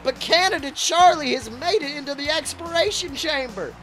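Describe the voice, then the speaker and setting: Guy doing a high-pitched foul-mouthed wrestling commentator, yells the big moves, sharp bright tone. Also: normal speed, soft background music, heavily acted. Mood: excited. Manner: profane, excitable, shouts big moves. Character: crude excitable male wrestling announcer. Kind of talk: comedic play-by-play commentary.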